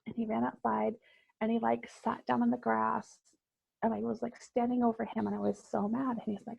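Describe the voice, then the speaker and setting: A woman guest sharing a personal story in conversation, reflective and halting, with many fillers. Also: on the high side, level tone, vocal fry, a little mellow, breathy edge, no room sound, lo-fi sound.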